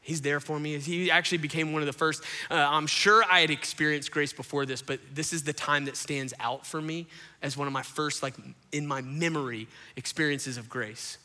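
A man preaching a sermon as pastor, telling a story with lively, animated delivery and calling the crowd "y'all". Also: on the high side, moderate pace. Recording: long hall reverb.

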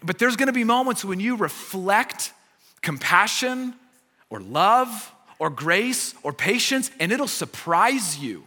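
Bright-voiced American man preaching in a reverberant hall. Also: high-pitched, sing-song, takes it slowly. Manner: conversational preaching with repeated key phrases; self-deprecating humor. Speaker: pastor. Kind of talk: sermon.

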